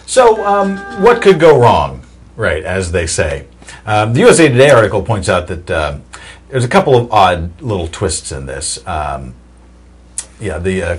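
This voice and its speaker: Wry, husky-voiced male commentator. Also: sits low. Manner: wry, chatty, reads articles with asides and fillers. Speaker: political commentary host. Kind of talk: casual commentary reading news aloud.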